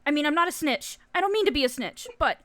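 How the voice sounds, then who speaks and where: A woman voicing an excitable male party clown who blurts out accusations, then apologizes in a squeaky voice. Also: quick pace, no room sound. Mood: excited, tattling.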